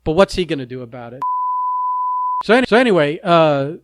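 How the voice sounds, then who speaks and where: A man's voice: on the high side, big pitch swings, fairly quick, no room sound. A man co-hosting a casual podcast chat, ranting bluntly and with a lot of swearing between bursts of laughter. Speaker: podcast co-host.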